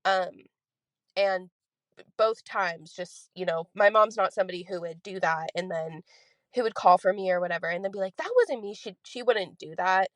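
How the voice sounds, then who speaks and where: A woman's voice: fairly low pitch, steady tone, moderate pace, no echo. A woman in her twenties telling a ghost story from her own life in a casual recorded voice message, rambling with lots of fillers. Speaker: listener sharing a ghost story.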